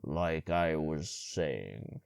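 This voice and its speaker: A man voicing a short-tempered male ruler with a deep, gravelly, hoarse voice, booming and stumbling over words as he reads aloud. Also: lively intonation, normal speed, no room sound, studio quality. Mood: halting.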